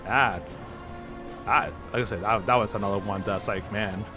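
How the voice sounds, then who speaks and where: A man with a fairly low pitch and moderate pace hosts a casual gaming livestream. Over game music, his live-stream chat rambles with many fillers and restarts, and laughter comes easily.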